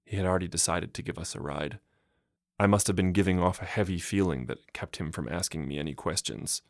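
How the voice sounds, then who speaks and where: A man reads a literary short story in a calm, measured voice. His tone sits very low. The recording is close and dry, with no room sound. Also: no room sound. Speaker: narrator and translator. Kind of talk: audiobook narration.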